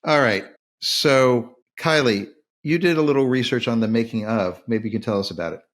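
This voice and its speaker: A man's voice: mid-range voice, moderate pace, fairly bright tone. A man hosting a casual film discussion podcast, talking with enthusiasm and acting out the quoted lines. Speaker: podcast host.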